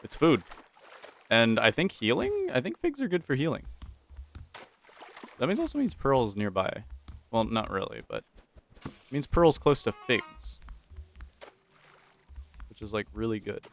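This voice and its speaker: A young man with a mid-range voice speaks unhurriedly with big pitch swings and long pauses, over slight background noise. Commentating a survival game in a relaxed, playful way, he jokes, talks to the game's characters, and tries out comic pirate voices.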